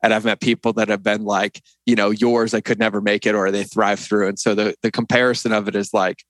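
A middle-aged man with a fairly low voice talks candidly as an interview guest. He sounds earnest and reflective, letting his feelings show. The recording is dry and close, with no room sound. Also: little pitch movement, fairly quick, a bit bright, dry recording, low-quality recording. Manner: earnest and reflective, opening up emotionally. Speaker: podcast guest.

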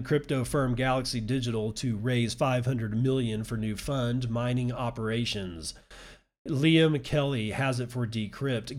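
A man hosting a crypto news show, reading articles aloud and breaking in with sarcastic, profane, mocking commentary. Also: medium pitch.

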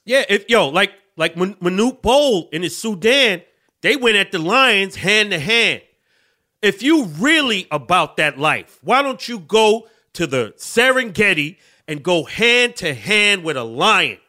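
Bright, lively-voiced man swearing. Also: sits high, unhurried. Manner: profane, laughing, animated storytelling. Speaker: podcast co-host. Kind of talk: casual comedic banter.

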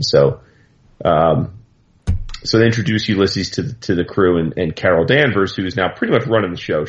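A man's voice: low voice, highs cut off. A man recapping a comic book story in casual, rambling talk full of fillers and asides. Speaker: comics commentator.

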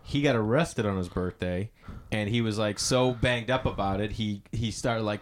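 A man in his forties, a comedian chatting casually and telling animated stories, acting out quoted people. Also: on the low side, fairly quick, slight background noise. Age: 40s. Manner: chatty storyteller, acts out quoted voices. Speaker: comedian podcast host. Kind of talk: casual chat.

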